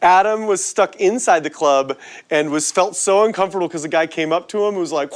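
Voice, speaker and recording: Young guy telling a wild tour story, lively, slightly high voice, acts out voices. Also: a little fast. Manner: animated, acts out quoted voices loudly. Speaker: podcast guest, touring musician. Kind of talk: casual storytelling.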